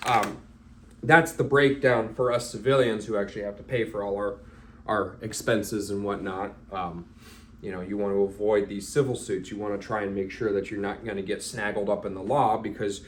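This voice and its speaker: A man's voice: on the low side, moderate pace. A man teaching as a firearms instructor in a loose, casual talk, blunt and a little profane, acting out little scenes as he goes. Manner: blunt, profane, acts out scenarios.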